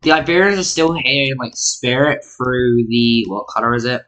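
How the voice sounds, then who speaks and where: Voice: mid-range voice, moderate pace, fairly bright tone. A mapping YouTuber narrating an alternate history in casual, rambling, self-mocking commentary, full of "like" fillers, sounding tired. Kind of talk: casual screen-recorded commentary.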